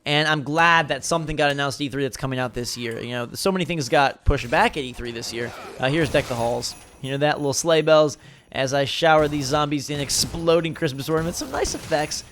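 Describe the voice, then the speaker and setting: A young man talks over gameplay footage in loose, excited commentary, full of fillers and restarts. He sounds tired from a late night, and his voice sits a little high. A faint hiss runs under the recording. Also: fairly quick. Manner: casual, enthusiastic rambling with fillers. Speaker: gaming video host.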